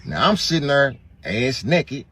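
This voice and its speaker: A man's voice: mid-range voice, very animated, measured pace, sharp tone, breathy edge. A man casually telling a personal story, bluntly, checking in with "right?" as he goes. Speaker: storyteller in a played clip.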